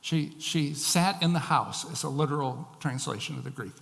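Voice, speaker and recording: A man's voice: on the high side, moderate pace, creaky, a bit bright, big-room sound. A male pastor preaching a sermon. He reads scripture aloud, explains it, and acts out the quoted lines with rising emphasis.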